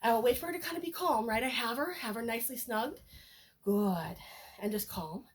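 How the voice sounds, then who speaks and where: A woman dog trainer chatting casually as she demonstrates a game with her puppy, breaking into bright sing-song praise for the dog. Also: on the high side, animated, brisk, breathy edge.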